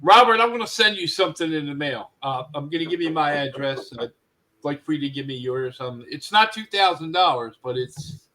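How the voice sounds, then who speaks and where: A man's voice: on the high side, lively intonation, a little fast, pushed and bright, low-quality recording. A man co-hosting a podcast in casual, laid-back chat. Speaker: podcast co-host.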